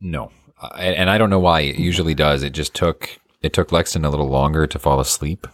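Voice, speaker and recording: Male co-host, dad, very low voice, relaxed, dry wit, close dry mic. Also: fairly quick, no room sound. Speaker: podcast co-host; father. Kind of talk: casual chat.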